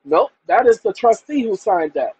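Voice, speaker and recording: A man's voice: sits high, very animated, normal speed, darkish tone, husky, poor audio. A man hosting his own channel, talking to viewers in an emphatic, combative, colloquial monologue. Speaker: channel host.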